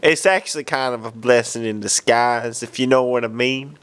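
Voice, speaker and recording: A man's voice: medium pitch, normal speed, fairly bright tone, natural voice. A man playing a rambling comedy character who gets mock-emotional and wanders off topic.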